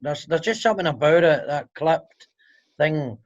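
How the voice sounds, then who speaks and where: A man's voice: a little high, lively intonation, moderate pace, highs cut off. A Scottish man with a Glaswegian accent, a comedian talking casually and sarcastically on a video call, swearing freely. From Scotland. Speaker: comedian guest. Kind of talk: casual interview chat.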